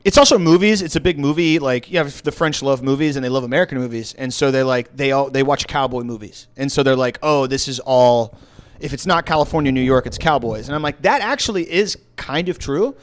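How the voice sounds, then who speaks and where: A man from Texas telling rambling travel stories on a casual comedy podcast, slipping into quick put-on voices. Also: mid-range voice, clear, resonant tone. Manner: rambling storyteller, puts on voices for quotes. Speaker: podcast host.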